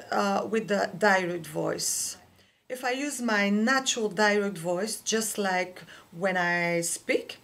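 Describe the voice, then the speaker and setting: A woman whose first language is French, teaching a singing lesson and explaining slowly and carefully with small pauses. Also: medium pitch, a bit bright. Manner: slow, careful explaining with fillers. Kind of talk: vocal lesson with sung demonstrations.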